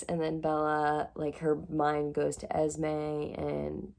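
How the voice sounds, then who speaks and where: Low, gravelly-voiced chatty woman vlogger. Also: takes it slowly. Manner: chatty and excitable, lots of "like" and "literally". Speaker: book vlogger. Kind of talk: casual reading vlog recap.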